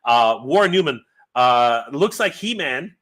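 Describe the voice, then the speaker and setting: Man, 40s, live reaction host, excitable, rambling, very animated pitch, bright. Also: unhurried. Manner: excited, rambling, stumbles over words. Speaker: YouTube host.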